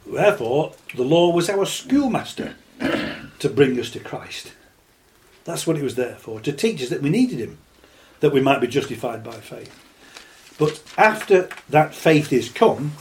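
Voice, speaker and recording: A man preaching a sermon, reading scripture slowly and then building into impassioned, rising exhortation. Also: mid-range voice, a little mellow. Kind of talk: sermon, Bible teaching.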